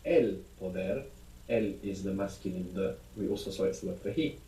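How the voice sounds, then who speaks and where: A man's voice: low-pitched, normal speed, mellow, recorded from a distance. A man teaching as a language teacher in a recorded audio lesson, explaining patiently and guiding with questions. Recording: echoey audio played from a speaker across a room.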